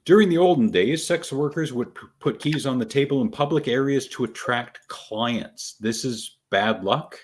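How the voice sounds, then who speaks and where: A man co-hosting a casual podcast, reading out superstitions with deadpan, sarcastic asides. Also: medium pitch, moderate pace, hardly any pauses. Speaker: podcast co-host.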